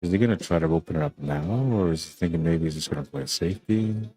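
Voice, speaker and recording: Laid-back man with a deep voice. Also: fast, mellow, no echo. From Canada. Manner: laid-back, chatty, often ends lines with "man". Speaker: pool commentator and stream host. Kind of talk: live play-by-play commentary.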